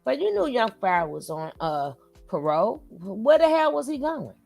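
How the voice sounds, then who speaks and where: Woman, reaction commentator, gravelly voice, lively swings in pitch, blunt and profane, faint music behind. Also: normal speed. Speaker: commentary channel host.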